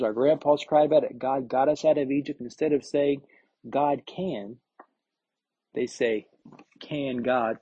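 A man leads a Bible study verse by verse, reading scripture aloud and then commenting, often repeating words while he gathers his thoughts. His medium-pitched voice is warm and husky. The recording is dry, dull and lo-fi.

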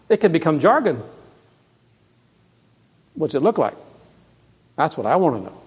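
Slow preaching man in an echoing hall. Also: a little high. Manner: swings from hushed to loud and emphatic, repeats words. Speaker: pastor. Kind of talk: sermon. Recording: long reverb of a large hall.

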